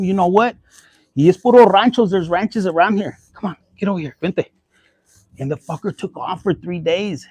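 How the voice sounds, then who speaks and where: A young man with a fairly high voice gives a relaxed, profane tarot reading. He drops Spanish words into his chatter. The sound is close and dry, with little room in it. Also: normal speed, slightly rough, dry recording. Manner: profane, blunt and chatty, mixing in Spanish phrases. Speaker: tarot reader. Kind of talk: casual tarot reading vlog.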